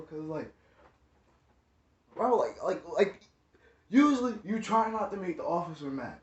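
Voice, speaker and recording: A man's voice: sits high, sing-song, a little slow, pauses often. A man telling a story about his past in slangy, casual speech, often repeating himself. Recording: echoey room, dull lo-fi sound.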